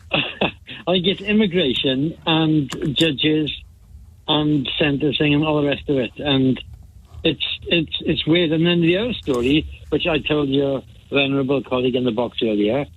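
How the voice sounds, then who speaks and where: A man calling in to a talk show, talking haltingly with many restarts. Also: on the high side, slight background noise. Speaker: caller. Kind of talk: phone-in chat. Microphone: phone. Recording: tinny phone line.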